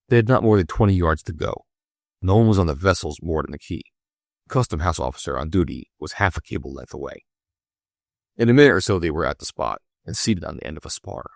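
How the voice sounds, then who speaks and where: A man narrates a classic adventure novel for an audiobook, taking his time over each phrase. His voice sits very low and the recording is dry, with no room sound at all. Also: expressive, creaky, dry recording. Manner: measured, deliberate storytelling.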